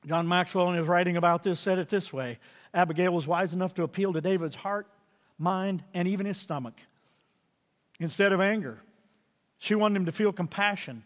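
A man preaching a sermon as pastor, building to loud emphatic peaks and dropping to quiet asides. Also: sits high, normal speed. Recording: reverberant hall.

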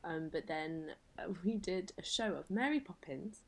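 Low-voiced young woman, chatty guest. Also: expressive, normal speed. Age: young adult. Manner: chatty, self-deprecating, laughs often. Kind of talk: casual podcast chat.

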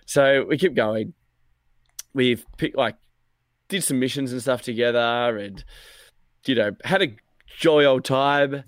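A man's voice: mid-range voice, unhurried, pauses often, no echo, studio quality. A young man co-hosting a gaming podcast, telling a story in casual chat, swearing freely and acting out both sides of the conversation. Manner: animated, swears a lot, acts out quotes. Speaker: podcast co-host.

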